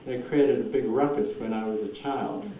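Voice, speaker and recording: A man's voice: medium pitch, steady tone, normal speed, dark tone, recorded from a distance, a little hiss or hum. Rambling man in an echoey hall. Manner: rambling, chuckles often, acts out quoted voices. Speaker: speaker at a presentation. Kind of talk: anecdotal talk taking audience questions. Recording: dull echoey hall recording from afar.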